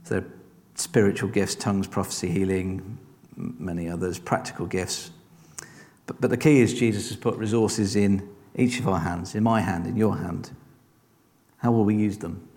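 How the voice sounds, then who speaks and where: In a church hall full of long reverb, a lowish-voiced man gives a relaxed, conversational sermon at a moderate pace, his tone steady and darkish. He repeatedly encourages the audience and asks rhetorical questions.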